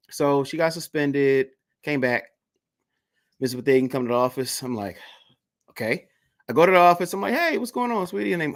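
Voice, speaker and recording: A man hosting a video-call interview, telling a story in a casual, animated way and acting out the people in it. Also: medium pitch. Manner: animated, acts out the voices in his stories.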